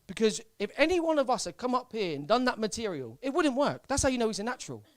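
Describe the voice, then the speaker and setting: A young man from Southampton doing a live stand-up set in a comedy club, deadpan and hesitant, full of fillers and repeats. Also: extremely high pitch, quick pace, no room sound. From Southampton, England.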